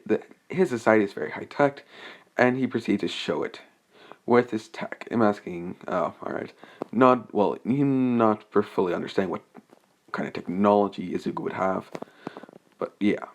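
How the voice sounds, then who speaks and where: Young man, low-ish voice, unscripted fan story recap, hesitant, rambling delivery. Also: animated, moderate pace. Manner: rambling and hesitant, many restarts and fillers.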